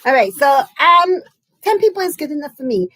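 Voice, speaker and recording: A woman's voice: sits high, big pitch swings, normal speed, fairly bright tone, no room sound, low-quality recording. A woman from the United States chatting casually and effusively on a live stream, often laughing. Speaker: crafting livestream host.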